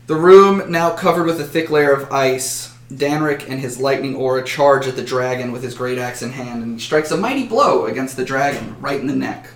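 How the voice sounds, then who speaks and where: Man narrating a fantasy battle in an echoey room. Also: medium pitch. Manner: dramatic with occasional slips. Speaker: storyteller. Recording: roomy echo.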